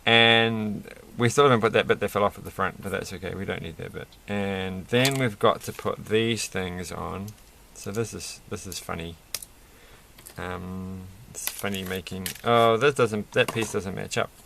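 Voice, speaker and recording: A man's voice: sits low, unhurried, vocal fry, pushed and bright, a little hiss or hum. A man rambling through a toy build with self-mocking, off-the-cuff commentary, laughing at his own jokes. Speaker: toy reviewer building a set.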